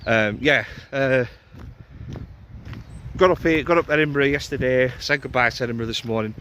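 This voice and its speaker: A man's voice: medium pitch, moderate pace, pushed and bright, a little hiss or hum. Rambling, chuckling young man outdoors. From Lancashire, England. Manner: chatty and rambling, laughs often. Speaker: vlogger. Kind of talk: casual travel vlog chat. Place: outdoors in a forest campsite.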